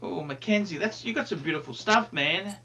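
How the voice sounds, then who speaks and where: A man's voice: sits high, fairly quick, pushed and bright, slightly rough, lo-fi sound. A man hosting a livestream in casual chat, joking loosely and swearing now and then. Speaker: livestream host.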